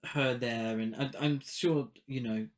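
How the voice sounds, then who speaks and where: A man's voice: mid-range voice, fairly even intonation, unhurried. Man bantering on a film podcast. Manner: playful banter, teasing his co-host. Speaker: podcast co-host. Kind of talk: casual film chat.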